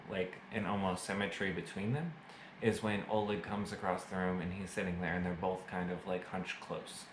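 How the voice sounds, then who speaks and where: A man's voice: low voice, a little hiss or hum. Chatty man in an echoey room. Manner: chatty, filler-heavy, self-mocking jokes. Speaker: movie reviewer. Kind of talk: casual video review. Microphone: camera mic.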